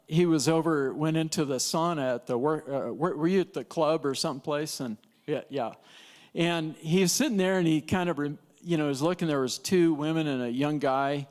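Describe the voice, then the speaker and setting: Guy teaching evangelism class at church, highish voice, chatty, laughs a lot. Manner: chatty, laughing, with frequent restarts. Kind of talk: casual storytelling lesson.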